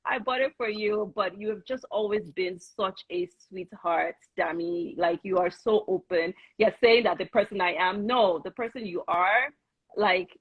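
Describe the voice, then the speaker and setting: Effusive woman in her forties, husky voice. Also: medium pitch, unhurried, dry recording. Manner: effusive, emotional praise with laughter. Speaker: guest. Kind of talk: casual conversation. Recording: dull, muffled sound.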